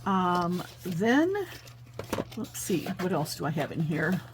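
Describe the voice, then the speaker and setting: A woman's voice: on the low side, lively intonation, slow, background noise. Chatty woman showing off her crafts. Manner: chatty, thinks aloud with many fillers. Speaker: paper crafting host. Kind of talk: casual craft show-and-tell.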